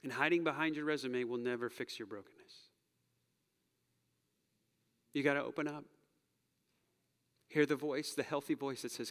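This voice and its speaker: A man preaching and then praying in a church, earnest, rising to loud urging and dropping to soft whispers. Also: medium pitch, steady tone, moderate pace, long pauses. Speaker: pastor. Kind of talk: sermon and closing prayer. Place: church sanctuary. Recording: long hall reverb.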